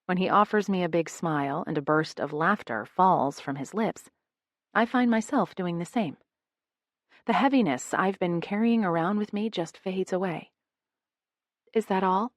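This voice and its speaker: A woman's voice: on the low side, moderate pace, no room sound, studio quality. Woman narrating an intimate romance. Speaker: audiobook narrator. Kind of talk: first-person romance narration.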